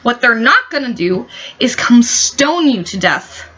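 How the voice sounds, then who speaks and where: A woman's voice: on the high side, very animated, measured pace, a bit bright, slightly rough. A woman ranting in a vlog, heated, sarcastic and full of swearing. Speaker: vlogger. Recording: dull lo-fi recording.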